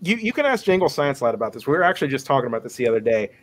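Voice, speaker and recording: A man's voice: medium pitch, sing-song, rapid-fire. A man, a guest creator, chatting casually on a podcast in a teasing, slangy manner.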